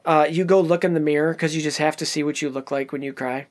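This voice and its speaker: A man's voice: on the high side, steady tone, fast. A man chatting casually about a movie in a playful way, tossing out offbeat questions. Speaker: film review co-host.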